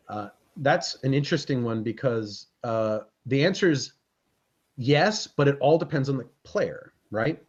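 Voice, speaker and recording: A man's voice: medium pitch, a little slow, slightly rough. A man co-hosting a live podcast as a game master, talking in a rambling, self-correcting way. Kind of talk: casual live-stream chat. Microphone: webcam stream. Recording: dull lo-fi webcam audio.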